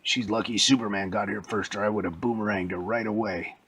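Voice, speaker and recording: An overzealous caped crimefighter, quick to see crime everywhere, as a man puts him on. He is emphatic and insistent. The voice is creaky and husky. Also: fairly low pitch, steady tone, fairly bright tone. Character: gruff, zealous male caped crimefighter.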